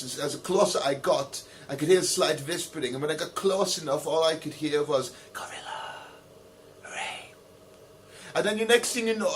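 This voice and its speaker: A man with a slightly high voice reads out letters and answers them in a rambling, mock-earnest way. He fills his talk with "of course" and a pompous show of sincerity. A faint hiss of noise sits under the recording. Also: fairly bright tone. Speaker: comedy video host reading letters.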